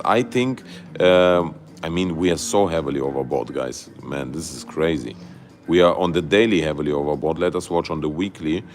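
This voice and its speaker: Low-voiced man streaming live chart commentary. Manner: excitable, loose grammar, many fillers and "guys". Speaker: crypto livestream host.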